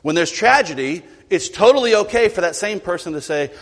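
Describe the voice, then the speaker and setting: A man preaches with a lively, swinging delivery, his fairly high voice jumping up for emphasis and dropping low for quieter asides. His words ring out with a long hall reverb, as in a church sanctuary. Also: fairly quick, husky. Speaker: pastor. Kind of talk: sermon.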